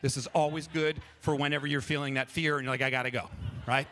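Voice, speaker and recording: A man leading a live audience through an improv warm-up on a festival stage, playful and energetic, coaching them through each step. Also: medium pitch, fast, faint music behind. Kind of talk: stage workshop talk with freestyle rap.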